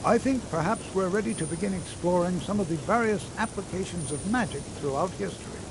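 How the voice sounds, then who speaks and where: An actor playing a patient, kindly old male wizard teacher who lectures gently and a little fussily. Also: sits high, fairly quick, gravelly, noisy background. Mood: lecturing. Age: older. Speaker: magic instructor. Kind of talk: video game voice acting.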